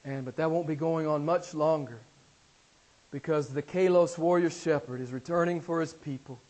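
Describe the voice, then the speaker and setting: A man preaching a sermon to a small congregation, swinging between loud, high exclamations and soft, low passages, with repeated phrases and rhetorical questions. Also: steady tone, normal speed. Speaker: pastor.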